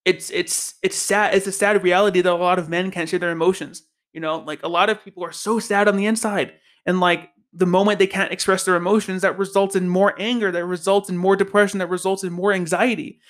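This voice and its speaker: A man with a notably high-pitched voice hosts a spiritual podcast solo. He talks in a casual, heartfelt way and hammers his points home by repeating them. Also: a bit bright. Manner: passionate, emphatic and repetitive. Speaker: podcast host.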